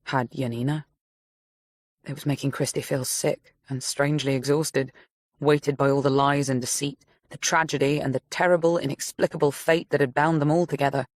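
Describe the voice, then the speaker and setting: A woman narrating a story audiobook in a measured, steady reading voice. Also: low voice, dry recording, clean studio sound. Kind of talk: scripted narration.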